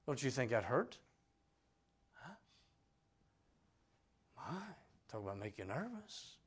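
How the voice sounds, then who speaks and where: A man preaching a sermon, swinging between loud cries and hushed lines and acting out the people in his story. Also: mid-range voice, very animated, slow, husky. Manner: acts out voices of the people in the story.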